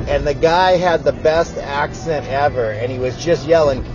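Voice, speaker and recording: Male caller in a car, slow relaxed storyteller, pitched slightly high, dull lo-fi message with music behind. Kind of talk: recorded call-in message, storytelling. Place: in a car on the road.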